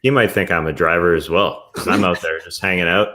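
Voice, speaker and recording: Low bright-toned laid-back man. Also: steady tone, brisk. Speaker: podcast co-host. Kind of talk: casual sports chat.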